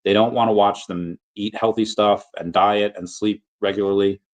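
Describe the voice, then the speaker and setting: A man hosting a casual livestream reads viewer comments, rambling loosely with fillers and restarts and playfully slipping into sung and silly voices. His voice is low-ish and steady at normal speed, with poor audio.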